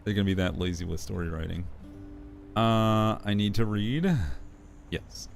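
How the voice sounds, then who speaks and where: Low-voiced playful male streamer. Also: moderate pace, gravelly, soft background music. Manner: playful, chatty, laughs often. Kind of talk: casual stream chat.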